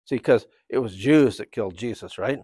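A man's voice: medium pitch, normal speed, mellow, slightly rough, dry recording. A man giving a church talk, telling stories in a rambling, conversational way. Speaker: church speaker. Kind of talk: anecdotal sermon talk.

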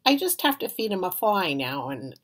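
A woman's voice: lowish voice, moderate pace. A woman reading aloud, voicing a brash, boastful third-grade boy in a storybook. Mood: eager. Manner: cocky, lively.

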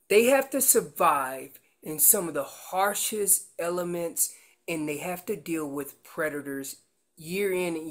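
A woman gives an elk-calling seminar at a slow, unhurried pace. She walks through each call with homely comparisons to family life. Now and then she bursts into loud, acted-out voices. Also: lowish voice. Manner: explains with everyday comparisons; breaks into loud acted voices of calves and parents. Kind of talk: seminar presentation with slides.

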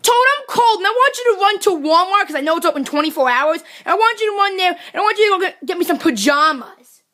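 Brief: a woman playing a bratty little koopa boy who whines and makes demands; very high, comedy puppet skit. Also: lively intonation, fast, a bit bright. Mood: whiny demanding. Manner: whiny, bossy. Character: whiny spoiled young koopa boy, demanding.

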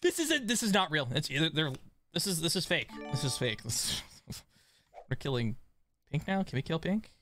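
A man streaming a strategy game live, swinging between excited shouts and quiet muttering, scolding his chat. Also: fairly high pitch, moderate pace, pauses often, soft background music. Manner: swears mildly, talks to chat.

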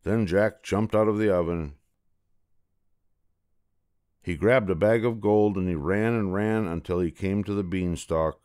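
An older man reads a children's fairy tale aloud at a gentle, unhurried pace. His voice is deep and low. It is recorded on a close mic in a dry, dead-sounding space. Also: clear, resonant tone, dry recording. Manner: slow, gentle, repetitive storytelling. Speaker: storyteller.

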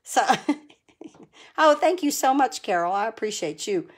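A woman's voice: fairly high pitch, animated, unhurried. A chatty middle-aged woman hosting a casual live stream from her home crafting corner. She laughs often and answers viewers by name.

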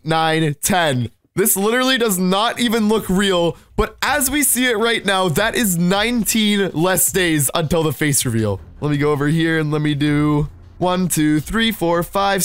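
High-voiced hyped young man gaming. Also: fairly bright tone, clear, resonant tone, dry recording. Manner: hyped, exclaims often, laughs a lot. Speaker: gaming channel host. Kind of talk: excited gameplay commentary.

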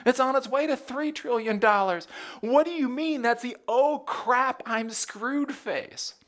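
A man's voice: very high-pitched, unhurried, fairly bright tone, voice pushed up. A man voicing an incredulous, skeptical viewer who argues back in exasperated disbelief.

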